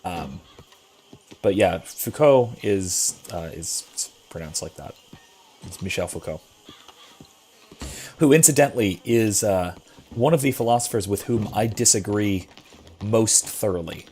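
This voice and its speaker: Low-voiced male professor, thoughtful and hesitant, casual stream talk. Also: expressive, measured pace, a little mellow, slightly rough. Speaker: philosophy professor streaming a game. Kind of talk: casual chat while gaming.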